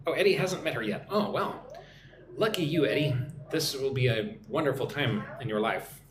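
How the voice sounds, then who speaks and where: A man from Texas with an American accent, hosting a live-stream English lesson, chatty and repeating phrases slowly for learners. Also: mid-range voice, echoey room, noisy background. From Texas, United States. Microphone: phone or computer mic for live stream.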